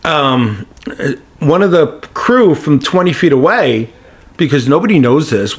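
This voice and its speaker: Chatty man telling stories, slightly high voice. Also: moderate pace. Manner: animated anecdote-telling, lots of "you know". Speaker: guest actor. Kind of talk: casual podcast storytelling.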